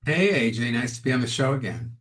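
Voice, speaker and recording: A man, an actor and comedian, chatting as an interview guest and telling animated stories in which he acts out other people's lines. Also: mid-range voice, quick pace. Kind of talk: casual interview storytelling.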